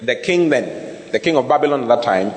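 A man preaching a sermon and teaching Bible words, speaking in an animated way, spelling out terms and laughing often. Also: mid-range voice, brisk, in a large hall.

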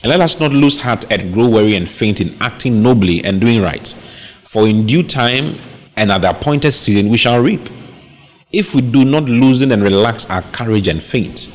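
A man's voice: mid-range voice, lively intonation, moderate pace. A man preaching a sermon on giving, repeating phrases for emphasis and reading scripture aloud.

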